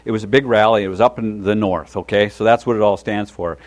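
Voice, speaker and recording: A man preaching a sermon, telling a story in a folksy, lively way and often checking in with a "right?". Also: lowish voice, fast.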